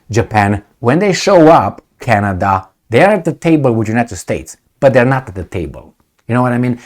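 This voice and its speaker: A man's voice: medium pitch, darkish tone. A man giving solo video commentary, sarcastic and mocking, firing off rhetorical questions. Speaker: political commentator.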